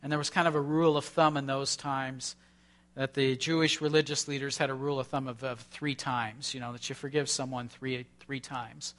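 A pastor giving a sermon before communion, talking conversationally, asking rhetorical questions and restarting phrases. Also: male voice, mid-range voice, flat delivery, moderate pace, fairly bright tone.

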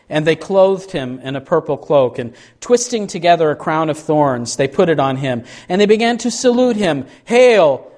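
A man's voice: fairly high pitch, darkish tone. A man preaching a sermon, speaking earnestly and reading scripture with dramatic emphasis.

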